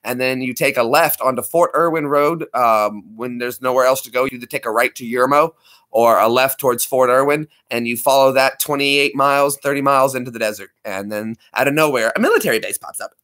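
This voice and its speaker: Bright-voiced man chatting on a livestream. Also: medium pitch, brisk. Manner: rambling, joking, reads chat aloud. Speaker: livestream host. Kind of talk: casual livestream chat.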